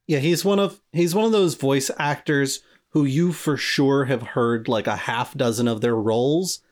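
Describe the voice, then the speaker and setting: A man's voice: medium pitch, moderate pace. A man co-hosting a podcast, asking curious questions and often starting his sentences over. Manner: curious, hesitant restarts. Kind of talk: casual chat.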